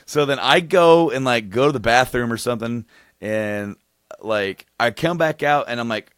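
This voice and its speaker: Male podcast host, rambling storyteller, laughs a lot, mid-pitched voice, dry close mic. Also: moderate pace, smooth, no room sound. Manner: rambling storyteller, laughs often, gets excited. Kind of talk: casual chat, telling a story.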